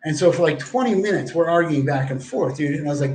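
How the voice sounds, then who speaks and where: A man's voice: fairly high pitch, lively intonation, fast talker, darkish tone. A man livestreaming, telling a long rambling story full of swearing and acted-out exchanges. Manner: rambling, profane, acts out quoted exchanges. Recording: echoey room.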